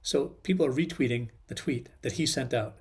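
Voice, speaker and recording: A man's voice: medium pitch, fairly quick, a little mellow. Man telling a rambling story. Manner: rambling, frequent ums and restarts. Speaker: channel host. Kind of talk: casual storytelling.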